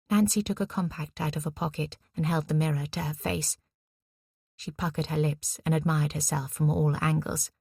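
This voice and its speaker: A woman reading a novel as narrator in a measured, even storytelling manner. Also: low-pitched, gravelly, husky, dry recording, clean studio sound. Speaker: audiobook narrator. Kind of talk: scripted narration.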